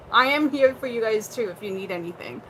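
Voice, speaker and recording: A woman's voice: a little high, expressive, normal speed, fairly bright tone, slight background noise, low-quality recording. A young adult woman hosting a casual livestream chat, blunt and chatty, swearing freely and using lots of fillers. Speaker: livestream host.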